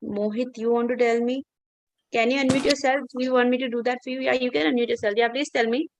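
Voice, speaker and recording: Speaking fast in a fairly high voice with a steady tone, a woman teacher tells a fable to children in an online class over video call, patient and coaxing and using lots of fillers.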